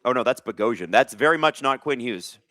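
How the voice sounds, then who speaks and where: A man in his thirties from Canada runs a casual live hockey stream, mixing play calls with jokes and chat shout-outs. His voice is bright and forward, swinging widely in pitch. The sound is dry and close, with little room around it. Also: a little fast, no echo. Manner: jokey, reads chat aloud, bursts of excitement. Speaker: host of a live hockey watch-along stream.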